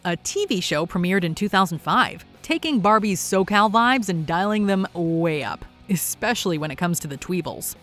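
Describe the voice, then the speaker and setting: A woman's voice: lowish voice, animated, moderate pace, hardly any pauses, a bit bright, soft background music. Upbeat woman narrating a countdown. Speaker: countdown host. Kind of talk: scripted narration.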